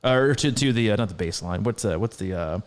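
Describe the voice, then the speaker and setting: A man's voice: fairly low pitch, fast. A middle-aged man co-hosting a podcast, telling a story in casual chat with lots of restarts and laughs. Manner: rambling, animated, laughs often, many restarts. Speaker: podcast co-host.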